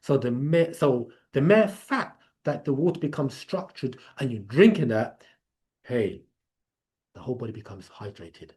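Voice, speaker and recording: A man's voice: medium pitch, big pitch swings, measured pace, darkish tone. A man with an English accent hosting a live Q&A, explaining in a casual, rambling way with many restarts. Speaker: host of a live Q&A.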